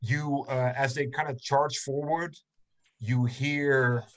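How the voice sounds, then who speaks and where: A man narrating a tabletop game as game master, pausing often with ums and restarts. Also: medium pitch, level tone, a bit bright, rough recording. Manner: hesitant, many ums and restarts.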